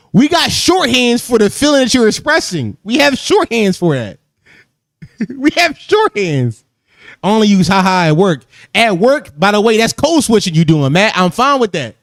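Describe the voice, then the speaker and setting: A man's voice: high voice, fairly bright tone, no room sound, clean studio sound. A man hosting a podcast in casual chat, joking loosely, laughing often and repeating phrases. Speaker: podcast host.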